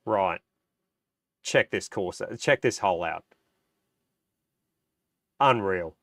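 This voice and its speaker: A man's voice: low-pitched, lively intonation, slow, a bit bright, no room sound, clean studio sound. A man hosting a casual livestream. He has a cold, so his voice sounds nasal, and he chats with enthusiasm and answers viewer comments. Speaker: livestream host.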